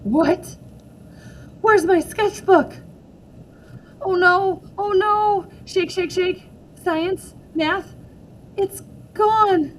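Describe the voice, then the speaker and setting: A woman's voice: high voice, slow pace, slight background noise, voice pushed up. A woman voicing a worried young girl who is new to the country, speaking anxiously. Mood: panicked. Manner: anxious, fretful.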